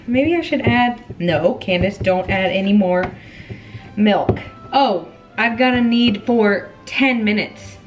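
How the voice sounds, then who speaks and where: A woman's voice: mid-range voice, takes it slowly, highs cut off, music in the background. A woman vlogger chatting casually as she bakes in her home kitchen, joking and laughing at herself often. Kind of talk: casual baking vlog chat.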